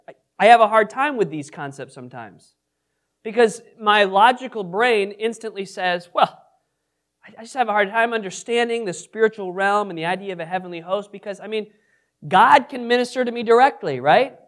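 A man's voice: high-pitched, a bit bright. A man leading a Bible study in a casual, conversational way, often asking the group questions and adding self-deprecating asides. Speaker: pastor teaching a Bible study. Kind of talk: casual interactive Bible teaching.

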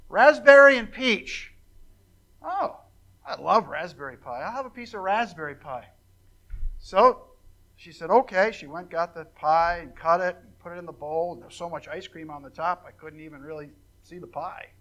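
An older male pastor preaches in a relaxed, conversational way. He tells folksy stories and jokes with his listeners. His voice sits high and sounds bright and ringing. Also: low-quality recording. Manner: folksy storytelling with joking asides and fillers. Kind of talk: informal sermon to a congregation.

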